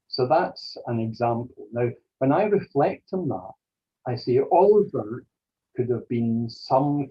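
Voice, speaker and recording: Man telling a story slowly, muffled. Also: mid-range voice, husky. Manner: slow, deliberate storytelling. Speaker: interview guest, medium. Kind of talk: storytelling in an interview.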